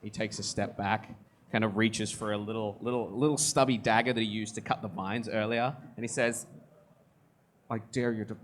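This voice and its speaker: A man running a live tabletop game as game master, relaxed and chuckling as he narrates. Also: on the low side, a little fast, a little hiss or hum. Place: live convention stage.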